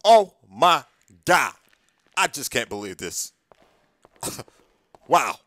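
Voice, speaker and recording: A man's voice: medium pitch, sing-song, very slow, fairly bright tone. A man playing a brash sing-song immigration officer. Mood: astonished. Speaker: skit creator. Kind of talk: comedy skit voice acting.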